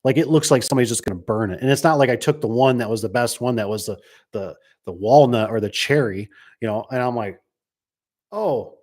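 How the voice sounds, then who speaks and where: A man chats casually about his work installing doors, telling a meandering story about a customer. He keeps checking in with "right?" and "you know?" and his voice sits at an everyday middle pitch. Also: fast talker, darkish tone. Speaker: garage door installer.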